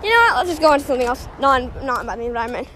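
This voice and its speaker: A young host rambling through a silly, self-mocking podcast while out on a walk, short of breath. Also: female voice, high voice, expressive, very fast, fairly bright tone, slight background noise. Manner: silly, self-mocking, jumps between topics. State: out of breath from walking. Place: outdoors on a walk near a road.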